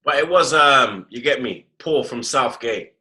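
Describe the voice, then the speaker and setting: A man's voice: medium pitch, unhurried. A man hosting a casual football chat, full of slang and repeated tag phrases. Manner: animated slangy talk, repeats "blood" and "you get me". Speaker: host.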